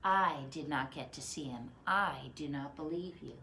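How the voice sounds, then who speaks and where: A woman's voice: low-pitched, unhurried, sharp tone, slight background noise, full character voice. A woman voicing Thomas as a skeptical, frustrated man who refuses to believe. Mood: doubtful. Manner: skeptical, stubborn. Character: doubting, frustrated disciple Thomas, adult man.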